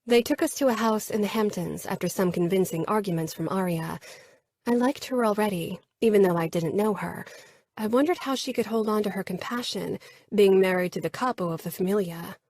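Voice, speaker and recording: Breathy female audiobook narrator. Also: mid-range voice, brisk, darkish tone. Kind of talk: first-person romance audiobook narration.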